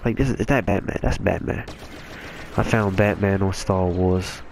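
A young man giving casual, excitable gameplay commentary, yelping and cussing at the game. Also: sits low, moderate pace, vocal fry, noisy background. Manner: excitable, yelps and cusses at the game. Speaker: gaming YouTuber.

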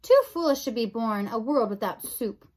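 Woman voicing a gruff old jailer man, clipped, shouty. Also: fairly high pitch, expressive, normal speed. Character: odd old male jailer, speaks of himself.

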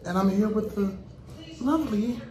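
A man's voice: sits high, moderate pace, darkish tone, roomy sound, low-quality recording. A middle-aged man from Chicago with a Chicago accent, hosting a casual mukbang with his grandchild in a laid-back way. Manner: laid-back, keeps saying "you know what I'm saying". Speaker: host, grandfather.

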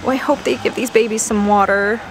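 A woman plant vlogger chatting casually as she browses a big box store garden center, easily excited. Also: a little high, fairly quick, background noise. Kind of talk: casual walk-through narration.

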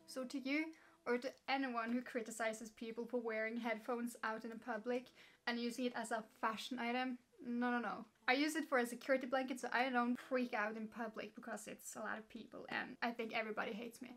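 A woman's voice: fairly high pitch, brisk. Chatty Norwegian woman in her twenties. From Norway. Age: 20s. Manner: chatty and animated, swearing, frequent "like" fillers. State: tired. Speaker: vlogger. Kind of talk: casual storytime vlog.

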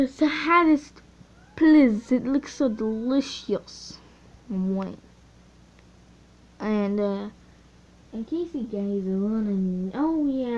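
A teenage girl chatting casually over gameplay, easily excited and often trailing off mid-sentence. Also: a little high. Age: teens. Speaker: gaming channel host. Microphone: phone mic. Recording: dull lo-fi phone audio.

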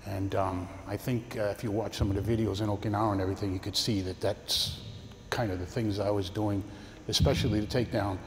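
A man's voice: lowish voice, fairly even intonation, brisk, a little hiss or hum. Older man coaching in an echoey hall. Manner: coaching, talks through demonstrations with partners. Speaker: karate instructor. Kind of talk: teaching a martial arts seminar. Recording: echoey hall with long reverb, faint ambience.

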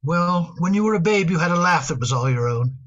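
A woman voicing a gentle, fond middle-aged father in a radio drama, hesitant and given to repeating words. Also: lowish voice, expressive, a little fast, muffled recording, natural voice. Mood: wistful.

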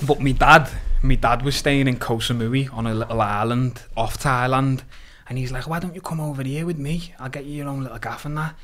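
Scouse lad spinning stories on a podcast, swears loads, laughs a lot. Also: male voice, mid-range voice, brisk, few pauses. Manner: animated, swears freely, laughs through his stories. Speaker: podcast guest. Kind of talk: casual storytelling.

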